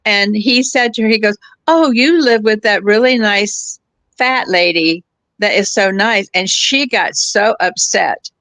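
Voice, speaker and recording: A woman's voice: medium pitch, a little slow, dry recording. Lady in her 70s chatting as a guest, tells stories, laughs a lot, dry sound. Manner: warm storyteller, laughs easily, restarts phrases. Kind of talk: casual chat.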